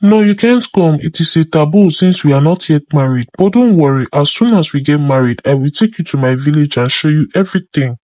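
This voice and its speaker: A man voicing a smooth young con man with a Nigerian accent, all honeyed pleading and fake tenderness in an animated storybook tale. The voice sits mid-range, dry and a little dull, as if recorded close in a dead room. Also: a little high, brisk, hardly any pauses, no echo, lightly acted. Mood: reassuring. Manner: sweet-talking, pleading.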